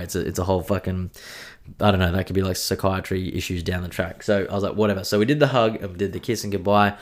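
A young man talks casually into his podcast mic. His voice sits a little low, and he swears freely and pokes fun at himself as he chats. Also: quick pace. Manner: swears freely, jokey and self-mocking. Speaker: podcast host. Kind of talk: casual solo podcast chat.

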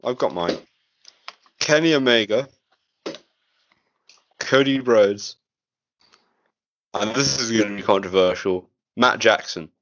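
A man's voice: fairly low pitch, animated, slow, long pauses, fairly bright tone, no echo. A man hosting a casual, joking podcast chat with friends. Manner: laid-back, jokey, swears. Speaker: podcast host. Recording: dull lo-fi recording.

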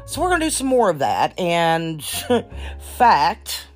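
A woman hosting her own podcast in casual chat, blunt and profane, a little nervous and halting. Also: lowish voice, big pitch swings, soft background music. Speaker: podcast host.

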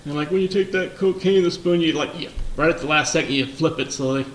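A man, a former undercover narcotics officer, telling anecdotes in a relaxed, storytelling interview manner. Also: on the high side, fast. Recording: echoey room, distant mic, faint noise.

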